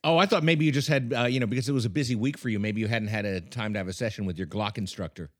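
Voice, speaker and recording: A man's voice: fairly low pitch, very fast, dry recording, clean studio sound. A man co-hosting a comedy podcast, bantering with wry, teasing humor and reading the show's segment intros. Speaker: podcast co-host. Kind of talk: casual comedy podcast chat.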